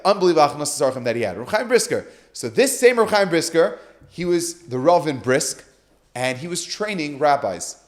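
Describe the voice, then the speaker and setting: Animated man telling a story. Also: fairly high pitch, fairly quick. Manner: animated storyteller, acts out quoted dialogue. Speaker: guest speaker. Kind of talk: podcast storytelling.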